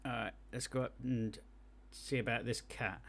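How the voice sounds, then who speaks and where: A man's voice: medium pitch, fairly even intonation, moderate pace. A man streaming live gameplay, thinking aloud in a chatty way and adding technical asides about game effects.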